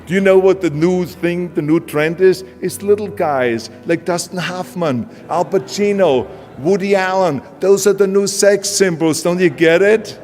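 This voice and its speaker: A man with an Austrian accent putting on a sneering male talent agent who mocks with loud disbelief. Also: a little high, moderate pace, close to an everyday voice. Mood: mocking. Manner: scoffing, loud, exaggerated disbelief. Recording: hall reverb with music underneath.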